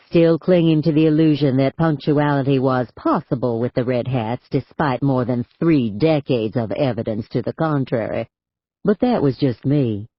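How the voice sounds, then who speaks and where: A man reading a novel aloud in the first person, with a measured, lightly wry storytelling manner. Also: mid-range voice, no room sound, dull audio. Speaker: audiobook narrator.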